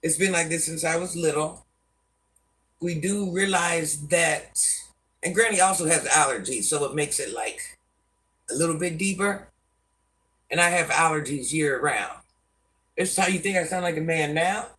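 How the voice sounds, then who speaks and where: Deep-voiced older woman, around sixty, bright edge, folksy live-stream chat, a bit off-mic. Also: moderate pace, long pauses, recorded from a distance. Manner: folksy, calls viewers baby and hun, speaks of herself as Granny. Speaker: online life-advice host.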